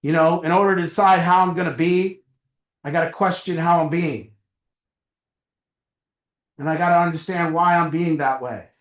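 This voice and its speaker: A man's voice: fairly high pitch, steady tone, normal speed, long pauses, echoey room. A middle-aged man speaking casually to a recovery group in a meeting room, acting out little dialogues as he goes. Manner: conversational, acts out little dialogues with a chuckle. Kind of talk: casual motivational talk to a group. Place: meeting room with a small audience.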